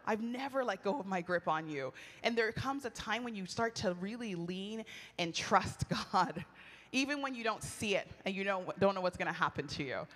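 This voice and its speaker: Preaching at a retreat, a middle-aged woman keeps things candid and conversational, bringing her personal stories to life with animation. She has a fairly bright, mid-range voice, and the recording has a long hall reverb.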